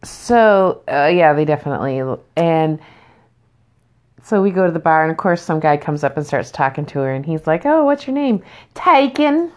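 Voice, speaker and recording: Laid-back lower-voiced woman podcaster. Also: normal speed, darkish tone. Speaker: podcast co-host. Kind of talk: casual chat.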